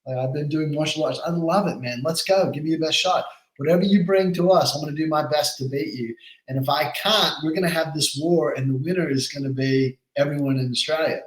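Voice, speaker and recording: An American man, a company head, talking with energy and fire as a guest in a casual podcast chat. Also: fairly high pitch. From United States. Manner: energetic, fiery, fast-talking. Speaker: exchange CEO guest. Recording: roomy echo.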